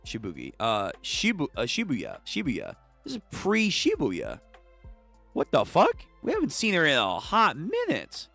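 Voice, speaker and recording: Young male host, excitable, swears, trips over names; very lively pitch and a bright, pointed tone. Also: unhurried, gravelly, soft background music. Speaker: channel host reading manga aloud. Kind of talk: casual read-through with live reactions.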